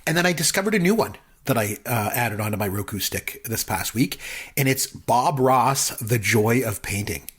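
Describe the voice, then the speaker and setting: A man co-hosting a podcast, telling a rambling, animated story in casual chat. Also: medium pitch, normal speed, slightly rough. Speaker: podcast co-host.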